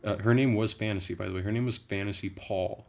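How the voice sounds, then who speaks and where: A man's voice: on the low side, fairly even intonation, quick pace, vocal fry. A man chatting casually on a livestream, rambling and profane, with frequent restarts.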